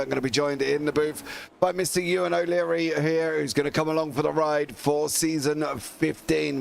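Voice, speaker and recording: A man's voice: on the high side, creaky. A man commentating a sim racing league broadcast, chatty and upbeat, greeting viewers from the chat. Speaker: lead commentator.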